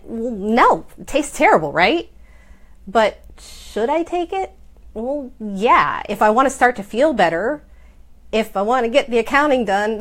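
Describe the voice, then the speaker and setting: A middle-aged woman, a small business owner, giving chatty, self-deprecating advice in a casual vlog, often asking rhetorical questions. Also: medium pitch.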